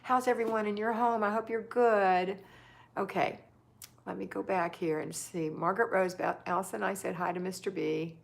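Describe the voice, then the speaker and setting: A woman's voice: mid-range voice, fairly even intonation, moderate pace, creaky. A woman hosting a casual livestream, chatting affectionately and reading viewer comments aloud. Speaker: livestream host.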